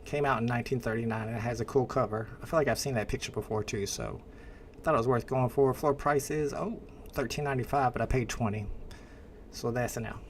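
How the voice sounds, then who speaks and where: Man, Indiana accent, livestream host, casual chat, answers chat comments, medium pitch. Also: fast talker, a little hiss or hum.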